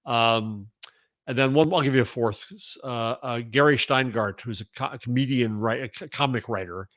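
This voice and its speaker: A man who is a journalism professor, talking as a guest over a video call in a halting way, with many restarts. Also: mid-range voice, a bit bright, no echo, studio quality. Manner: halting, full of restarts and fillers. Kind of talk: casual conversation.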